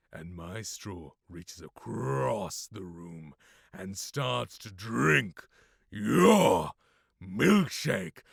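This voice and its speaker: A man's voice: mid-range voice, vocal fry, breathy edge, no echo, clean studio sound, heavily acted. A man playing a menacing ruthless oilman. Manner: hushed, drawn-out menace that erupts into shouts. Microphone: studio condenser mic, close.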